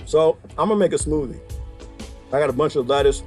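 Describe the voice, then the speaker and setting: Animated joking man with faint music. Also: a little high, brisk. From United States. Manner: joking, animated, laughs often, rambling asides; addresses viewers as "people" and "y'all". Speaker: vlogger. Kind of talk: casual comic monologue.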